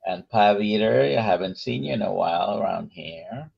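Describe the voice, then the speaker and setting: Male host, slow and halting with pauses, lowish voice, dull muffled recording. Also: creaky, breathy edge. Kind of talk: casual interview chat.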